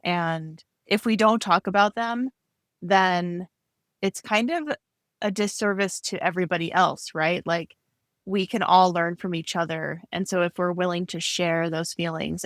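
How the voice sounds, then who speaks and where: A woman co-hosting a podcast about art, talking in a relaxed, reflective way with frequent fillers. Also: on the low side, normal speed, no echo, studio quality. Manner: warm, reflective, lots of fillers and laughs. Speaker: podcast co-host. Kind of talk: casual chat.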